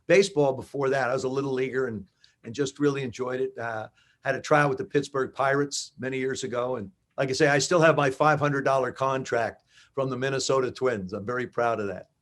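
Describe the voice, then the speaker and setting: A man in his seventies from New Jersey, a guest in an interview, telling animated stories and acting out dialogue. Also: medium pitch, brisk. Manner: animated anecdotes with acted-out dialogue. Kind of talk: conversational storytelling.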